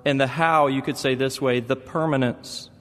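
A man's voice: medium pitch, steady tone, moderate pace, in a large hall. A man preaching a sermon as pastor, telling stories with emphatic repetition.

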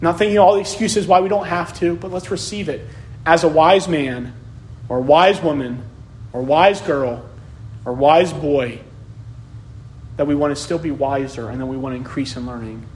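A man's voice: fairly high pitch, normal speed, a little hiss or hum. A man preaching a sermon as pastor, repeating key phrases as his delivery builds in intensity.

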